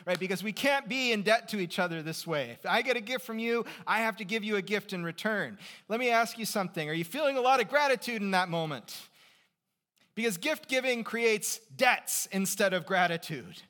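Conversational pastor preaching. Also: male voice, a little high, animated, fairly quick. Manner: conversational, rhetorical questions, swings from quiet to emphatic. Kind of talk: sermon.

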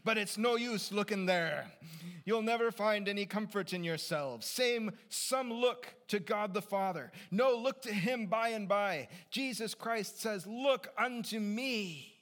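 A man voicing a fervent country lay preacher, preaching loudly and pleadingly, repeating his plea over and over. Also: medium pitch, expressive, a little slow, few pauses. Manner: loud, pleading, repetitive preaching. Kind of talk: sermon.

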